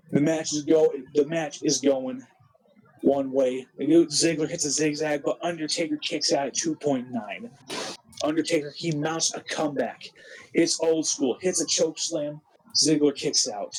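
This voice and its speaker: A man narrating a wrestling simulation game with an excited play-by-play recap, animated and full of restarts. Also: on the high side, husky, poor audio. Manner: animated, quick, with frequent restarts.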